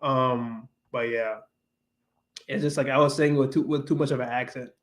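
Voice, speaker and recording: Talking with viewers on his livestream, this man keeps a steady tone at a normal speed in a mid-range voice. His casual chat wanders, full of fillers and false starts, and he slides back and forth between Spanish and English.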